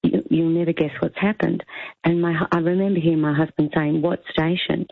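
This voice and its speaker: A woman calling a radio show, recounting a memory in an emotional, rambling way with a husky, gravelly voice. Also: low voice, steady tone, fairly quick, no echo. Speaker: caller. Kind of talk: phone-in recollection. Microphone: phone. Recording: tinny phone line.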